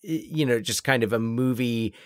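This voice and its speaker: A man talking films in a relaxed podcast chat, trailing into restarts and little fillers as he thinks out loud. His voice sits in a mid range, recorded close and dry with no room sound. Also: medium pitch, normal speed, no echo. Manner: hesitant, many restarts and fillers. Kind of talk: casual film discussion.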